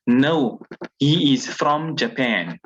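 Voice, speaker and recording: Male teacher, mid-pitched, patient and repetitive in his explanations; lo-fi class recording. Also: expressive, fairly bright tone, a little hiss or hum. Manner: patient, repeats and spells out each word slowly. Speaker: Arabic teacher.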